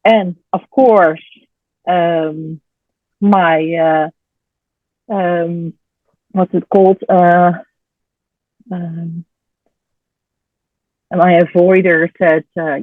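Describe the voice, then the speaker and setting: A mother in a casual interview, chatty and animated, who laughs often and sometimes searches for words. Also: fairly low pitch, extremely slow, long pauses, no room sound. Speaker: program participant sharing her story. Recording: tinny phone-line audio, dry.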